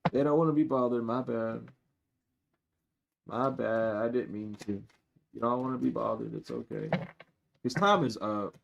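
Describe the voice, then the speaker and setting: A man giving a live-streamed tarot reading to his viewers. He is blunt and profane, and he swings between loud outbursts and low muttering asides. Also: a little slow, creaky, long pauses, lo-fi sound, slight background noise. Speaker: tarot reader.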